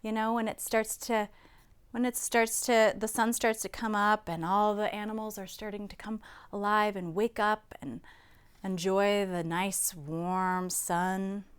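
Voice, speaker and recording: A woman hosting a children's storytime, reading a picture book aloud in a playful, expressive way, making animal sounds and pointing out the pictures to young listeners. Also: medium pitch, a little slow, clear, resonant tone. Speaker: storytime host.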